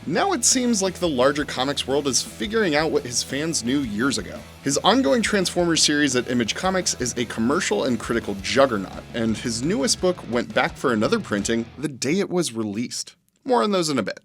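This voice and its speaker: Male host, scripted narration, lively pitch, enthusiastic, faint music under. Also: fairly quick. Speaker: show host. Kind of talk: scripted narration and interview questions.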